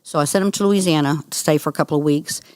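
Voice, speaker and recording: A middle-aged woman, a guest on an interview, telling her story in an earnest, animated way. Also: low-pitched, fast, no echo, studio quality. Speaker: guest, cancer survivor. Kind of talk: conversational interview.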